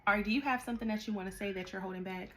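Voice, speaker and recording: A woman doing a tarot card reading, talking straight to the listener in a direct, animated way and scolding them at times. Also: mid-range voice, rapid-fire, a little hiss or hum. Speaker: tarot reader.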